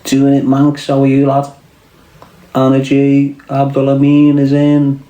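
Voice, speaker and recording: A man's voice: medium pitch, completely flat delivery, measured pace, mellow, reverberant, muffled recording. A man with a Scouse accent hosting a casual livestream, trading crude, swearing, mocking banter with his chat. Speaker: livestream host reading chat.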